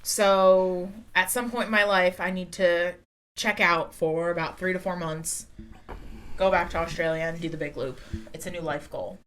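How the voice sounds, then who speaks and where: A woman co-hosting a casual podcast, telling stories in a loose, rambling way full of "like"s. Her voice sits a little low for a woman. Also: moderate pace, slight background noise. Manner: rambling animated storytelling, many "like"s. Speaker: podcast co-host. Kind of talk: casual chat.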